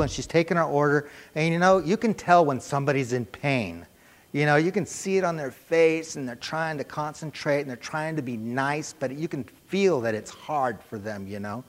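A middle-aged man preaching a sermon in a conversational, animated way, telling a personal story and acting out the voices in it. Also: a little high. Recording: reverberant church hall.

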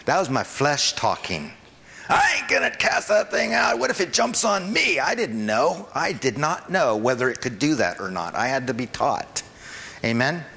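A man's voice: mid-range voice, fairly bright tone. Laid-back male pastor, chatty sermon, asks the room "right?" a lot, echoey church hall. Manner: informal, checks in with the congregation often. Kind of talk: conversational sermon.

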